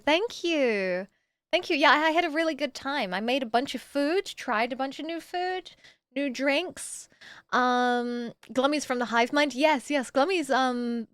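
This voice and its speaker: Chatty woman streamer, high voice. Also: dry recording, studio quality. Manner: chatty, swears freely, lively. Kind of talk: casual chat.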